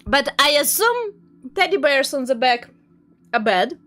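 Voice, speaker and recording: A young woman streaming a game live, commenting excitably, laughing often and jumping at scares. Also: high voice, measured pace.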